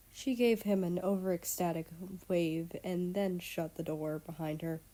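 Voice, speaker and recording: A woman's voice: fairly low pitch, fairly even intonation, unhurried, hardly any pauses, warm tone. A woman reading fan fiction aloud as narrator. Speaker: story reader.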